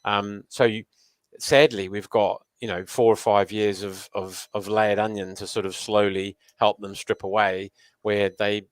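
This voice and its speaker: A man with a fairly low voice, speaking as a guest in a conversation. He tells lively stories about his work, and the sound is dry, with no room echo. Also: a little slow, clear, resonant tone. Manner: anecdotal, lively storyteller. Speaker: guest running a youth learning program. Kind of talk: storytelling conversation.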